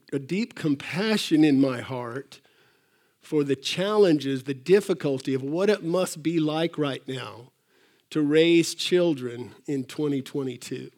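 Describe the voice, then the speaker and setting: An older male pastor gives a folksy, rambling sermon to his church. His voice sits a little high for a man, and he pauses often on fillers and restarts. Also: a little mellow.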